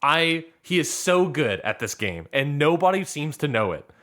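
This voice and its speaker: A man's voice: a little high, sing-song, moderate pace, fairly bright tone. A man co-hosting a podcast, retelling a reality show episode in casual chat and acting out the players' lines. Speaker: podcast co-host.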